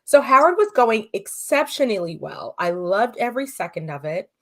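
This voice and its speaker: A woman's voice: a little high, sing-song, moderate pace. A woman from California, a podcast guest, telling her personal story in an earnest, emotional way and acting out what others said, in a podcast studio. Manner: earnest, emotional, quotes dialogue.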